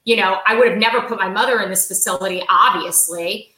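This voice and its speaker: Bright-voiced middle-aged woman, echoey room. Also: medium pitch, quick pace. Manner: emphatic, repeats key phrases. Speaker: podcast guest. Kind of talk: interview answers.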